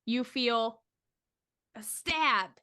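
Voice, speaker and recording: A woman's voice: a little high, extremely slow, sharp tone, smooth. A woman acting as game master, narrating a tabletop horror game with suspenseful description.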